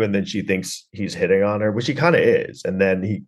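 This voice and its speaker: A man's voice: sits low, quick pace, breathy edge. A man hosting a podcast, recapping a film in a rambling, sarcastic way, full of fillers and swearing. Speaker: podcast host reviewing a film.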